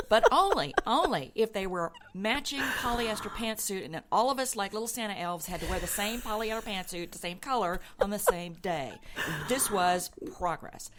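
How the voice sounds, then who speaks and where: A woman in her sixties, a radio show guest telling animated stories about her career and acting out the people she quotes. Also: mid-range voice, moderate pace, background noise. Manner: animated storyteller, acts out quoted voices, laughs easily. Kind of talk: casual storytelling interview.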